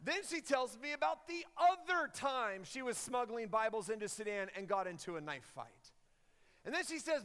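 A high-voiced young male preacher tells a story to his congregation, building to loud, excited peaks. His voice rings out with a long reverb, as if in a large church hall. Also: normal speed, smooth. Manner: animated storyteller who rises loud and high at climaxes. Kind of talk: sermon storytelling.

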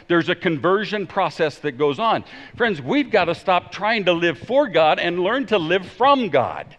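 A man's voice: high-pitched, sing-song, unhurried, few pauses. Emphatic male preacher in a reverberant hall. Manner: emphatic, swinging from loud to hushed. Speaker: pastor. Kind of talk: sermon. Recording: dull sound in a long-reverb hall.

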